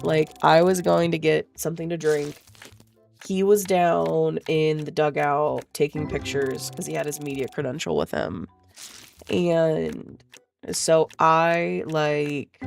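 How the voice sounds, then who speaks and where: A woman tells a story in casual, chatty vlog style, swearing freely and laughing along the way. Her voice has a gravelly fry to it. Faint music sits in the background. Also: low-pitched, a little mellow. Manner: chatty, profane, laughs often. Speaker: vlogger.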